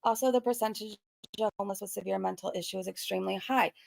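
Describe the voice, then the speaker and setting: Earnest woman with a gravelly voice. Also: medium pitch, fairly even intonation, fast, a little mellow, no room sound. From Southern California. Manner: rambling, earnest, many fillers like "um" and "like". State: choked up, near tears. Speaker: commentary YouTuber. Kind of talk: casual commentary vlog.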